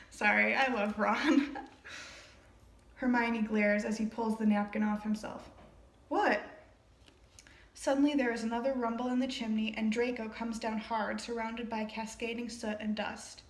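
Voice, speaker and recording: A woman with a slightly high, fairly flat voice reads a play aloud at a measured pace and chats about it casually. She laughs often and wanders into rambling asides as both reader and commentator. The room has a noticeable echo.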